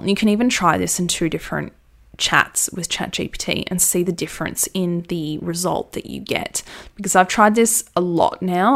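This is a woman, her voice sitting a little low. She chats enthusiastically through a casual how-to on content writing, peppering it with "like" and "you know". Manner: chatty, enthusiastic, filler-heavy. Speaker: brand copywriting coach. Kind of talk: casual how-to talk to camera.

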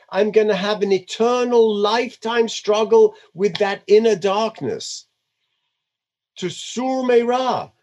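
A man giving a conversational Torah lecture, weaving Hebrew terms into his English with an animated delivery. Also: sits high. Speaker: religious teacher.

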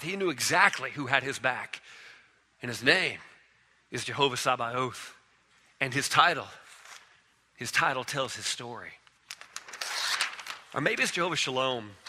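Animated male preacher, bright sharp voice. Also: fairly high pitch, long reverb tail. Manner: animated storytelling, acting out characters. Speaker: pastor. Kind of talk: sermon.

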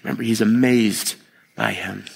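A man preaching a sermon to a live congregation in a conversational, animated way, with expressive groans of disgust and quick voiced asides. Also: creaky, breathy edge, long reverb tail. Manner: conversational and animated, acting out quotes with sharp pitch jumps.

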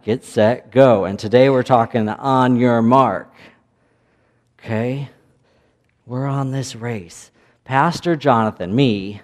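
A man with a Midwestern American accent, a pastor giving a playful children's sermon and asking the children questions. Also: mid-range voice. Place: church sanctuary. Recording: echoey church hall.

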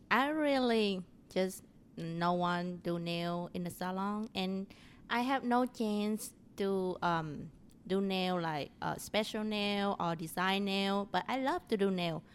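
A woman's voice: mid-range voice, takes it slowly, clear, resonant tone. A woman from Vietnam with a Vietnamese accent, chatting cheerfully as a podcast guest in broken English. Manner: cheerful, broken English with dropped verb endings. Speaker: nail technician guest. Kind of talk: casual podcast chat.

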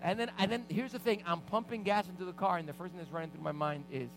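A man preaching, a pastor telling a personal story in an animated way and acting out the scenes. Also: high voice, quick pace, background noise. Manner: animated, reenacts scenes loudly. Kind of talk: storytelling sermon. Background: background music.

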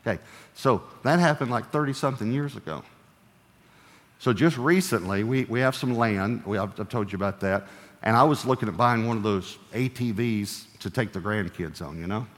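A man's voice: on the low side, normal speed, a bit bright, in a large hall. An older man, a pastor, preaching a sermon in a conversational, storytelling way with playful humor.

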